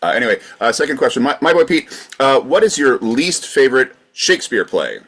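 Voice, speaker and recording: A man's voice: mid-range voice, big pitch swings, brisk, a bit bright. A man co-hosting a live comedy podcast, asking questions in a wry, joking manner.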